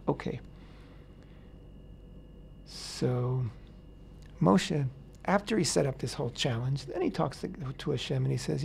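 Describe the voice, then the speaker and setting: Gravelly man explaining scripture casually. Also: mid-range voice, a little slow, long pauses, a little hiss or hum. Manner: animated, acts out quotes in paraphrase, many fillers. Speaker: radio host teaching the weekly Torah portion. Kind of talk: casual Torah discussion on radio.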